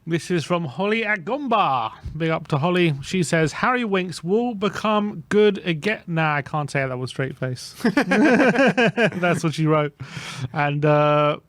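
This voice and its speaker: A man co-hosting a casual football fan show, reading out fan opinions in a relaxed, hesitant way with lots of fillers. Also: on the high side, a little slow, no room sound.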